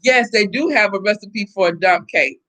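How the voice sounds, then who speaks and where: A middle-aged woman from the Southern United States hosting a casual live stream, chatting and reacting to viewer comments in an animated way. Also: medium pitch, normal speed. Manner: chatty and animated, laughing often. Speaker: host reading viewer comments.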